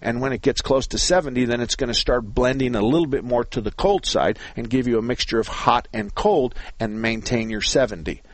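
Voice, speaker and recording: A man's voice: mid-range voice, a little fast, few pauses, no room sound. A man hosting a call-in car-repair radio show, explaining things in a folksy, joking, rambling way.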